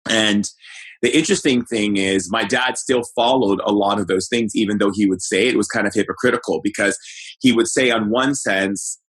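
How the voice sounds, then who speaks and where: A middle-aged man with a fairly low, husky voice tells a personal story as an interview guest. He talks loosely, searching for words and restarting sentences, in an easygoing conversational manner. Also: normal speed, poor audio. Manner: relaxed, conversational recounting. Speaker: shaman guest.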